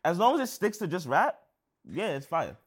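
A man's voice: high voice, wildly swooping pitch, normal speed, husky. A man co-hosting a casual podcast chat, arguing his point and explaining his view. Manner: argumentative, explains his take, laughs easily. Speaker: podcast co-host.

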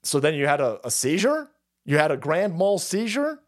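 Male stream host, sarcastic profane rant, fairly high voice that jumps around a lot. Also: normal speed. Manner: mocking, sarcastic, foul-mouthed; animated, swings into mock voices. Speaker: livestream host. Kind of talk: profane political commentary rant.

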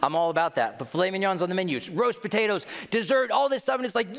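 Gravelly and high-pitched, this man talks fast and barely pauses while preaching a jokey, conversational sermon as pastor and mimicking his audience's reactions. The church sanctuary gives the recording the long echo of a big hall.

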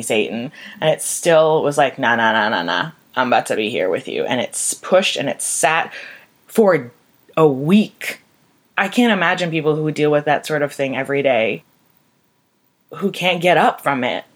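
Young woman, low voice, candid grief monologue, raw, profane, heartfelt. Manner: raw and emotional, swears freely. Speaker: vlogger.

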